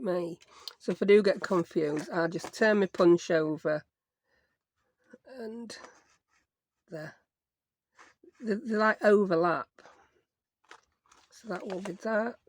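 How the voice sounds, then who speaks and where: A woman's voice: mid-range voice, slight background noise. A woman, chatting casually through a craft tutorial, talking to herself as she works and joking at her own expense. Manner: chatty, self-mocking, talks to herself while working. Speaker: crafting YouTuber.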